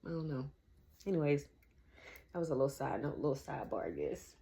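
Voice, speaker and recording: A woman's voice: very deep voice, sing-song, a little fast, vocal fry, background noise. A woman around forty, chatting casually to camera and calling her viewers y'all. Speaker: vlogger.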